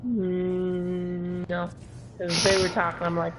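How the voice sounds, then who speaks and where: A woman's voice: fairly low pitch, little pitch movement, takes it slowly, background noise. A tired woman chatting casually while playing an online game, swearing now and then. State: tired, yawning. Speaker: co-player on a gaming stream. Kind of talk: casual chat while gaming.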